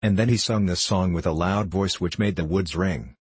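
A man narrating a storybook in a steady, measured reading. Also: low voice, breathy edge, no echo.

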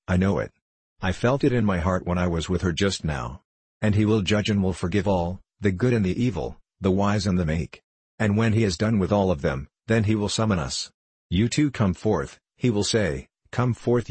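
A man's voice: deep voice, a little mellow, husky, no room sound. A man voicing a drunken, self-pitying middle-aged former clerk in an audiobook, rambling and pleading, rising to fervent declaiming. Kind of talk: audiobook character reading.

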